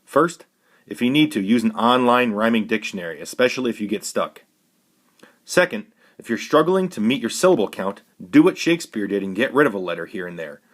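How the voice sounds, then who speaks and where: Measured male teacher, lower voice. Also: animated. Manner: clear, measured, instructive. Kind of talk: recorded classroom lesson.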